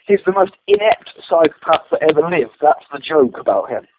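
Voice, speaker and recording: A man's voice: a little high, lively intonation, a little fast. A man in a casual argument, defensive and stammering with many restarts. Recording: tinny phone-like line, faint hiss.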